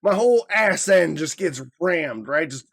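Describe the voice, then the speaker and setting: A man's voice: a little high, expressive, measured pace, vocal fry. A man in his thirties co-hosting a podcast, telling a story in a casual, profane way and acting out the people he quotes. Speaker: podcast co-host.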